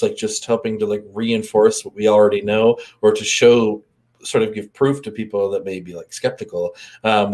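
A man co-hosting a casual spiritual chat, speaking reflectively with frequent fillers and laughs. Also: on the low side. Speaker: co-host, energy healer.

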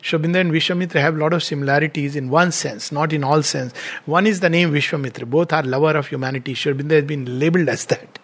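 High-voiced man telling a myth. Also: fast. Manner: animated retelling, acting out quoted lines. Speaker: spiritual lecturer. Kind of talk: storytelling lecture on scripture.

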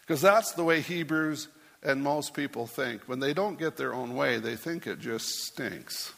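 A man's voice: mid-range voice, measured pace, creaky, a bit bright, in a large hall. A man preaching as a pastor, reading a rhyming story aloud in a playful way and putting on voices for the characters.

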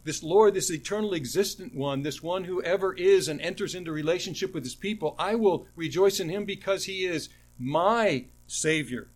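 A man preaching an expository sermon, speaking earnestly, often repeating words and slowing down to stress the verses he quotes. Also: sits high. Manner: earnest teaching tone, frequent word repetitions, slows to stress quoted verses.

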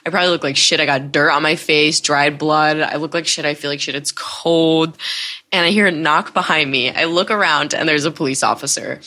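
A woman's voice: sits low, sharp tone. A woman in her twenties hosting a podcast, candidly telling a rambling personal story in casual chat, with many "like"s. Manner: candid, rambling, heavy use of "like". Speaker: podcast host.

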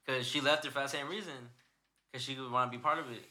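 A young man hosts a podcast in casual chat, speaking at a quick pace with a medium pitch, fairly even intonation and a sharp tone. He rambles and swears while retelling stories, acting out quotes in put-on voices.

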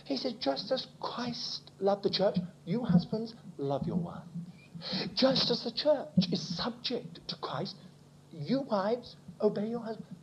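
A man preaching a sermon, swinging from quiet asides to loud exclamations. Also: sits high, takes it slowly, slight background noise. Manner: animated preaching, dropping to near-whispers and rising to exclamations. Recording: muffled lo-fi recording.

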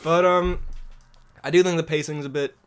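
A man's voice: fairly high pitch, steady tone, normal speed, smooth. A young man hosting a podcast in casual chat, rambling, laughing often and poking fun at himself. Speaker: podcast host.

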